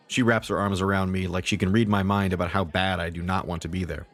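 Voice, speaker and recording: A man hosting and narrating a first-person short story in a measured, wry way. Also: sits low, some chatter behind. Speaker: host and storyteller.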